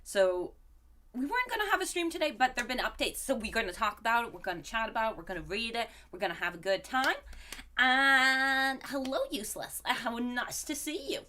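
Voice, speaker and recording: A woman's voice: a little high, animated, brisk, pushed and bright, slight background noise. A woman streamer who is sick, chatting casually on a live stream and greeting viewers one by one in a bouncy way. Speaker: game streamer.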